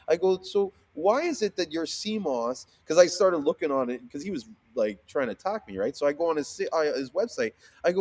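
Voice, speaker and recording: A man in a casual interview, telling a story with lots of swearing and restarts. He acts out the other people in it with sudden jumps in pitch, from low and quiet to high and loud. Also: expressive, fast, hardly any pauses. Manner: swears freely, acts out quoted voices with sharp pitch jumps; fillers and frequent restarts. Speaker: seamoss seller, guest.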